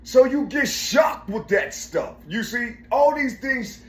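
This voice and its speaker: A middle-aged man speaks slowly in an extremely high pitch with lively intonation. He rambles through a personal story full of cursing, repeating himself and fishing for words while saying "you see" again and again. The room is echoey.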